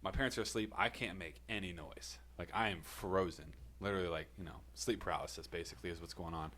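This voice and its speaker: Very deep-voiced man swearing through a story. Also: fast, a bit bright, a little hiss or hum. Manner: profane, rambling, laughs between lines. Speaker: podcast co-host telling a personal story. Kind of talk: casual storytelling.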